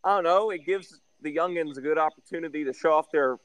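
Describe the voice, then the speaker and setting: A man's voice: a little high, fast, clean tone, no room sound, low-quality recording. Blunt man talking football stats outdoors. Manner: blunt, breaks down records and stats. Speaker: podcast co-host. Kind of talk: casual sports podcast chat. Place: backyard, outdoors.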